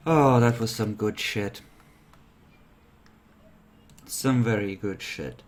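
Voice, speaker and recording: A man running a tabletop role-playing game on a stream, relaxed and thinking aloud as he narrates and checks the rules. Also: fairly low pitch, slow pace, pauses often. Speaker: game master.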